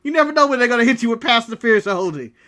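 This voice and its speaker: A man's voice: extremely high pitch, animated, racing, bright, forceful tone. A man from the United States co-hosting a casual wrestling recap podcast, ranting and joking in a brash way. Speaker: podcast co-host.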